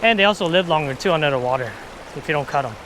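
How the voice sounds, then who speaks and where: An excitable man fishing at a river, talking to his viewers and a little out of breath, recorded outdoors on an action camera. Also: on the high side, rapid-fire, background noise. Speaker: fishing vlogger. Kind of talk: casual fishing vlog.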